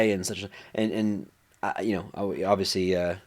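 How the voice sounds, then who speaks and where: A man's voice: fairly low pitch, moderate pace. A man leading a Bible study in a casual, conversational way, full of fillers and acted-out quotes. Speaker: Bible teacher.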